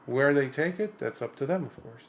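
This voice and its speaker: A man's voice: mid-range voice, animated, normal speed, a little hiss or hum. A Buddhist monk giving an impromptu dharma talk, earnest and emphatic, lifting his voice on repeated points and often restarting his sentences.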